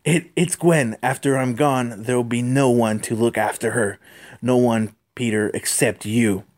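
A man's voice: mid-range voice, steady tone, unhurried, darkish tone, natural voice. A man doing a dying old police captain. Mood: tender. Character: older male police captain, dying, gentle and fatherly.

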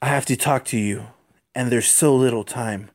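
A man voicing a dying older police captain who speaks slowly and gently. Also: medium pitch, close to an everyday voice. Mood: tender.

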